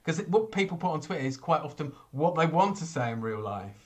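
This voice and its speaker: Bloke hosting a chat show, easygoing, keeps things moving. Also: male voice, fairly high pitch, big pitch swings, brisk. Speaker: host. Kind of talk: casual chat.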